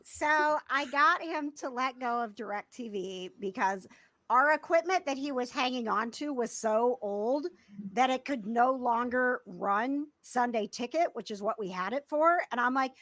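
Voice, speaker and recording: Woman podcast host, high and bouncy voice, bright, dry close sound, animated storyteller. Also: unhurried, no echo. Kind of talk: casual chat.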